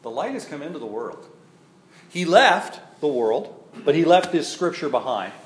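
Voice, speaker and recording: A man's voice: a little high, sing-song, normal speed. A male pastor preaching a sermon in a church, reading scripture aloud and then explaining it in a conversational way that keeps checking in with "right?". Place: church sanctuary. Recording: roomy echo, faint background noise.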